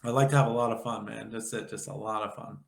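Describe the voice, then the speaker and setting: Guest: quick, nasal New York man in his fifties, jokey rambler, roomy echoey sound. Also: fairly low pitch, fairly even intonation, gravelly. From Long Island, New York. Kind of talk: casual interview chat.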